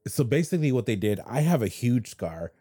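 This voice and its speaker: A man co-hosting a podcast, telling a personal story in casual chat, halting and restarting his sentences. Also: mid-range voice, very animated, warm tone, slightly rough, no echo, clean studio sound. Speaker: podcast co-host. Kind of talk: casual conversation.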